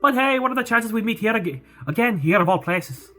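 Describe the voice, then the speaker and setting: A woman's voice: on the high side, lively intonation, fairly quick, a bit bright, pitched above the performer's own voice. A woman doing a jaunty Scottish-accented young priest. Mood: breezy. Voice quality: wobbly put-on accent. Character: jaunty young male priest, playful and easygoing. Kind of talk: voicing game dialogue. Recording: faint music behind.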